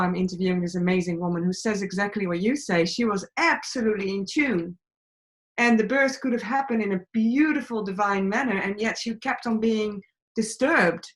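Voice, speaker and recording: A woman's voice: medium pitch, a bit bright. A woman filmmaker on a discussion panel, reflecting in an earnest and heartfelt way.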